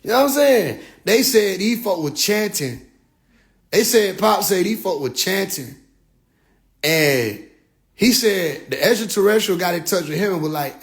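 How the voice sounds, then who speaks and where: A man with a high-pitched voice rants casually on a phone livestream, full of swearing and animated energy. He keeps dropping into low, mocking impressions of other people. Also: unhurried. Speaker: livestream host.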